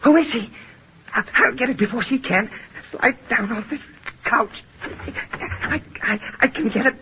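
An actor playing a starving, delirious young man who pleads faintly and slowly, in 1940s radio acting. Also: extremely high pitch, background noise. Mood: desperate. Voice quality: breathy. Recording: muffled old radio broadcast.

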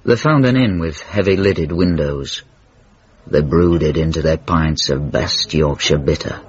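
Deep-voiced male radio narrator. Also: husky. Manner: measured storytelling delivery. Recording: dull radio recording.

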